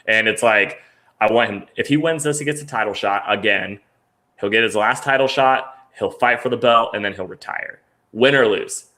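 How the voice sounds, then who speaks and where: A man's voice: on the low side, moderate pace, pushed and bright. A man co-hosting a casual sports podcast, talking in a loose, rambling way with lots of fillers. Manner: rambling, filler-heavy, laughs while telling stories. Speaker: podcast co-host.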